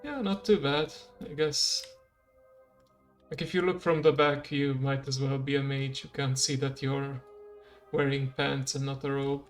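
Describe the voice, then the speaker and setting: A game streamer giving relaxed, rambling commentary while playing and chatting with viewers. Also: mid-range voice, unhurried, soft background music. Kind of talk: casual gameplay commentary.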